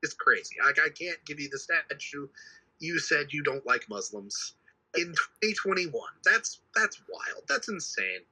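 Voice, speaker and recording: A podcast co-host talks fast and heatedly in casual chat, his very bright, edgy voice carrying a husky grain and sitting a little high. Animated, he swears freely and keeps circling back to repeat his points. The audio quality is poor.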